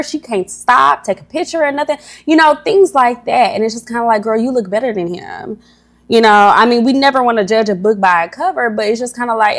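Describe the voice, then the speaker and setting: A young woman talks straight into her mic on a casual livestream, rambling and encouraging. She is a little nervous and often stumbles and restarts her thoughts, filling gaps with easy conversational asides. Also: on the high side. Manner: chatty, rambling, stumbles over words. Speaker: livestream host. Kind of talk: casual motivational livestream talk.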